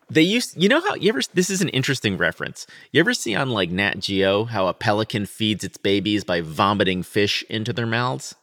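Animated man reading aloud. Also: lowish voice, fairly quick, hardly any pauses, no room sound, studio quality. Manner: animated, swearing, switches to dramatic reading. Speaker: podcast co-host. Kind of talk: casual chat with read-aloud lines.

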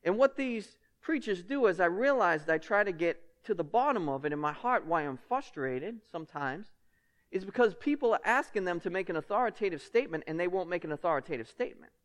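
A man's voice: high voice, animated, brisk. A male pastor preaching a sermon in a conversational, emphatic way, often asking the congregation rhetorical questions.

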